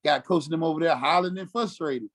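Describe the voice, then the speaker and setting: A former football player from Mississippi, telling stories casually and acting out quotes with lots of "you know what I'm saying". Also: male voice, on the high side, fast talker. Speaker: former NFL fullback, podcast guest. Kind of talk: casual storytelling interview.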